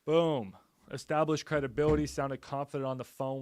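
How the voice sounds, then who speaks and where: A man's voice: medium pitch, fairly even intonation, a little fast, darkish tone, no echo. A man casually commenting on a live stream as he makes cold calls, talking bluntly and upbeat in a salesy way and swearing now and then. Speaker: real estate investor and streamer.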